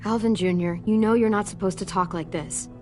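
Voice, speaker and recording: A young woman voicing a protective teenage girl in a video game, gentle but firm and reassuring, over game music. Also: medium pitch, steady tone, brisk, lightly acted. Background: game score music.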